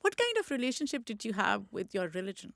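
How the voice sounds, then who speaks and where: A woman's voice: medium pitch, sing-song, quick pace, gravelly, fairly bright tone, no room sound, clean studio sound. A middle-aged woman from Pakistan with a Pakistani accent, hosting a podcast interview in a conversational way. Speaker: podcast host.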